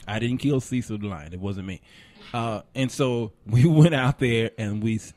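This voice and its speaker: A man, a preacher hosting a talk show, telling a lively story and laughing often. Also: on the low side, normal speed, hardly any pauses, no echo. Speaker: host and preacher.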